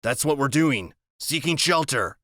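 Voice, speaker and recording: A man's voice: fairly high pitch, animated, unhurried, no echo, clean studio sound. A man doing a menacing ex-con father. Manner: quiet, menacing, commanding. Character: menacing ex-convict father, cold and controlling.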